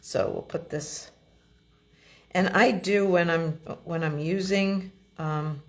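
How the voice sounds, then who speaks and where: A woman demonstrating card making, explaining each step in a relaxed, chatty way as she works. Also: on the low side, slow pace, muffled recording. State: has the hiccups. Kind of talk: crafting tutorial.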